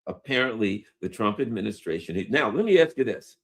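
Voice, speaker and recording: Animated, slangy male commentator. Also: lowish voice, moderate pace. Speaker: news commentator. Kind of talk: casual news commentary.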